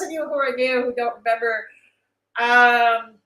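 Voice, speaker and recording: A woman's voice: fairly high pitch, steady tone, unhurried, pushed and bright, rough recording. A woman hosting a casual livestream, reading chat aloud, greeting viewers by name and trading sarcastic remarks. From Canada.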